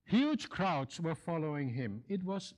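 Male preacher, sermon, emphatic, repeats himself, unhurried delivery, somewhat high voice. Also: sing-song. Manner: emphatic, repeats key phrases.

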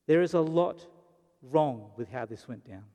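In a mellow, mid-range voice, a man preaches with animation but a slightly slow pace. This pastor tells the story dramatically, briefly performing the characters' lines, and the sound has a hall's long reverb.

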